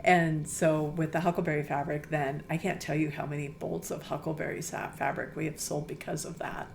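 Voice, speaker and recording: Low-voiced chatty middle-aged woman. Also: level tone, fairly quick, gravelly, a little hiss or hum. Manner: chatty, enthusiastic storytelling with many fillers. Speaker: quilt shop owner, guest. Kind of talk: casual interview conversation.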